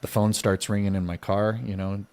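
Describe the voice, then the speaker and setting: Podcast guy with a lowish voice, telling a story all animated, doing everyone's lines. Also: normal speed. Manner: animated, acts out both sides of dialogue. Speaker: podcast co-host. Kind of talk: casual storytelling.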